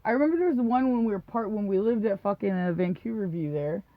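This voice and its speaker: A woman's voice: medium pitch, animated, quick pace, no room sound. Rambling, swearing woman with a dull lo-fi sound. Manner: rambling, profane, laughs often, acts out quotes. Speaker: podcast co-host. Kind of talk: casual storytelling chat. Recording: dull lo-fi dry recording.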